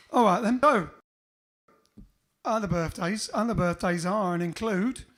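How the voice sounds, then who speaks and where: A man's voice: sits high, slow, fairly bright tone. A man hosting a band livestream, chatting casually between songs with rambling, joking asides.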